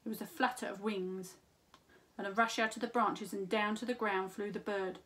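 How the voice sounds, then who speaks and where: A woman, a school teacher, reading a children's story aloud in an expressive, unhurried way. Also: mid-range voice.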